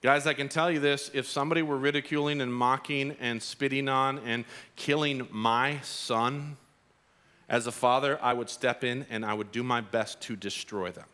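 Guy pastor preaching, bright voice, animated storyteller, gets emphatic. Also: medium pitch, moderate pace. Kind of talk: sermon.

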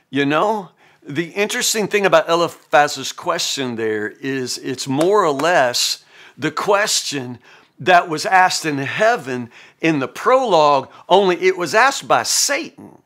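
A man talks through an old text in a loose, chatty Bible commentary. His voice is bright and forceful and sits a bit high for a man. He repeats words and restarts sentences, using plenty of fillers as he goes. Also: very animated, takes it slowly. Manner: conversational, many fillers and stammered restarts. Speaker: podcast host, Bible teacher. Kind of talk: casual Bible reading commentary.

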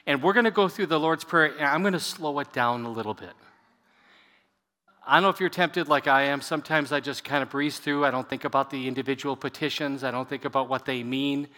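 Bright-voiced pastor in an echoey hall. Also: male voice, fairly high pitch. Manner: conversational, leads congregation in prayer. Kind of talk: sermon. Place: church sanctuary.

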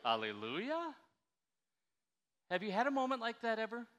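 An older man preaching a sermon in a church, chatty and animated, coaxing his congregation to answer back. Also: very high-pitched, moderate pace. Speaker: pastor. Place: church sanctuary. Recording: reverberant church hall.

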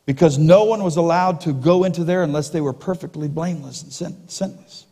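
Preacher in a reverberant church hall. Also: male voice, fairly high pitch. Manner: dramatic, slowing and dropping to a hush for emphasis; jokey asides to the congregation. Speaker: pastor. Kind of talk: sermon. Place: church sanctuary. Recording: long reverb of a large hall.

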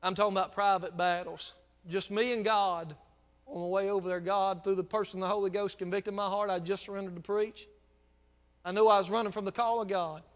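A man from Mississippi with a Southern US accent, preaching a sermon as a pastor and telling folksy personal stories that build into fervent shouting. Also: high voice, fairly even intonation, a little fast, big-room sound. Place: church sanctuary.

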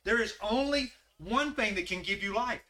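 A man's voice: high voice, normal speed, pushed and bright. A man leading a Bible study in a folksy way, asking the group questions. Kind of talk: conversational Bible study teaching.

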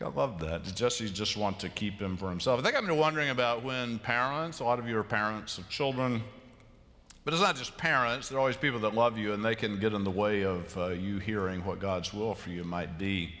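Low-voiced man preaching in a reverberant church. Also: moderate pace, a bit bright. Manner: conversational, self-amused, acts out voices of biblical figures. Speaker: pastor. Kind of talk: sermon. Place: large church sanctuary. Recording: long hall reverb of a church.

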